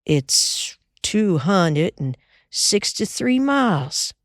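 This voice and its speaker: A woman voicing a grave, soft-spoken Southern cowboy in an audiobook, polite and slow in a Southern drawl. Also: medium pitch, big pitch swings, no echo, studio quality. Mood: grave, civil. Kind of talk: audiobook character voice.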